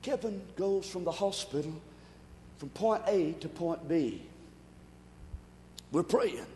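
A man preaching a sermon as pastor, excitable and breaking into loud shouted bursts. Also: on the high side, slow, reverberant, in a large hall, a little hiss or hum. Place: church.

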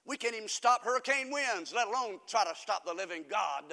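A pastor preaches with a high, bright voice that rings out into a long reverberant church hall. He swings from shouted declarations down to low, confiding asides. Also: expressive, brisk, gravelly, hardly any pauses. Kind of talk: fiery sermon.

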